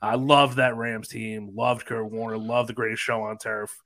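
A man's voice: lowish voice, level tone, moderate pace, fairly bright tone. A man co-hosting a podcast in casual chat, talking enthusiastically about favorite moments. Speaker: podcast co-host.

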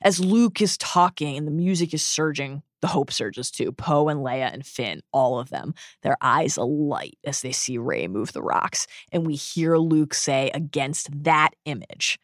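A woman co-hosts a film podcast, retelling each scene with effusive, emotional drama. Her voice sits low but swings widely in pitch. The sound is close and dry. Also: animated, a little slow, hardly any pauses, no room sound. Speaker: podcast co-host. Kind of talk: enthusiastic film-recap podcast chat.

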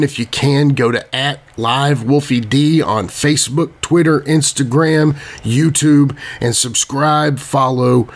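Man signing off a podcast. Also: medium pitch. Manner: upbeat, asks listeners to subscribe. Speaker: podcast co-host. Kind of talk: podcast sign-off.

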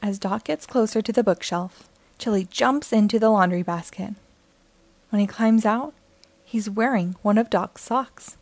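A woman reading a children's picture book aloud in clear, steady storytelling narration. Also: mid-range voice, unhurried, dry recording. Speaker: storybook reader.

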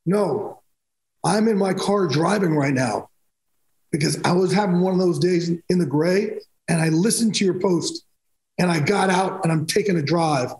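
High-voiced emphatic storytelling man. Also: normal speed, a little mellow, echoey room, poor audio. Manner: emphatic, rambling storyteller with frequent restarts. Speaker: guest. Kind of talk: candid storytelling in a podcast interview.

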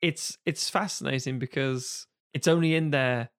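A man co-hosting a film podcast in casual chat, animated and given to sudden exaggerated quoted voices. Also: medium pitch, normal speed, clear, resonant tone. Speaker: podcast co-host.

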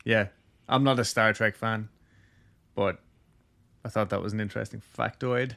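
A man's voice: lowish voice, steady tone, normal speed, vocal fry, pushed and bright. A man hosting a podcast, casually telling a ghost story with lots of jokes and filler words. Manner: loose, jokey, heavy use of "like".

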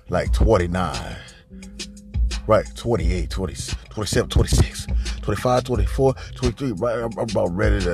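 A male podcast host rambles through a crude, comedic story, swearing and bragging along the way. As the tale builds, his voice grows louder and higher.

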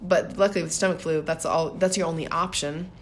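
A woman in her thirties with a fairly low voice, co-hosting a casual podcast. She speaks in a reflective, storytelling way and breaks into light laughs often. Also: steady tone, fairly quick, slight background noise. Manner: reflective, laughs often while telling stories. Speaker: podcast co-host.

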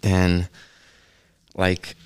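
A young man telling a long story in casual chat, rambling, swearing freely and acting out other people's lines in high voices. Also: completely flat delivery, drawn-out words, smooth. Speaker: podcast guest.

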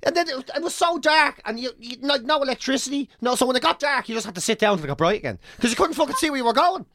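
An Irish man spinning a rowdy, swear-laden yarn in casual conversation. His voice sits high for a man and leaps all over the place as he builds up the story. It sounds close and dry, with no room around it. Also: very fast, no echo. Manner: animated, profane, swaggering anecdote-telling. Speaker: podcast co-host telling a travel story.

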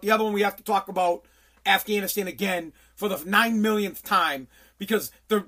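A man's voice: high voice, fairly bright tone. A man hosting a solo podcast, ranting in an angry, profane way with lots of stumbling restarts. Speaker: podcast host.

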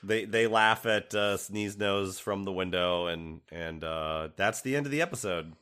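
A man's voice: low voice, a little slow, pushed and bright, clear, resonant tone. A man co-hosting a podcast, recapping an episode in casual chat, rambling and wry with many restarts. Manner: rambling, self-interrupting, wry. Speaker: podcast co-host.

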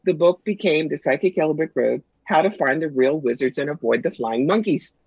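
Wry, husky-voiced middle-aged woman storyteller. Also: deep voice, a little mellow, no echo. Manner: brisk, wry, punchy storyteller. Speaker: guest psychic and author. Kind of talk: casual interview storytelling. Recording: dull lo-fi sound, dry.

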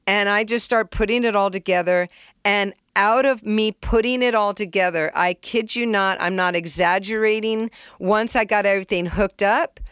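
A middle-aged woman tells her stories with an open, unguarded energy. She swears freely and acts out beats and sounds as she goes. Her voice is smooth and clear, recorded close and dry. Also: mid-range voice, fairly bright tone, no room sound. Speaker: songwriter and producer, interview guest. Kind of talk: casual storytelling in an interview.

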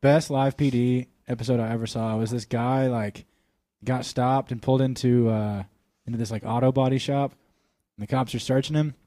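Podcast host recounting a story, flat dry room. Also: moderate pace, no room sound. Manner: laughing, voices the characters in a high, strained pitch. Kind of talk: casual storytelling.

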